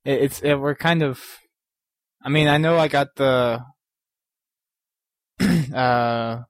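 A man's voice: mid-range voice, slow, dry recording, rough recording. A young man hosting a podcast, chatting in a rambling, giggly way and often restarting his sentences. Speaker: podcast host. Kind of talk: casual podcast chat.

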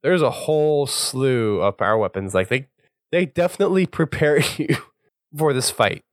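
A man's voice: mid-range voice, normal speed, no room sound. Male walkthrough host, casual and chatty, dry close sound. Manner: relaxed, chatty, laughs often. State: recovering voice. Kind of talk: casual gameplay commentary.

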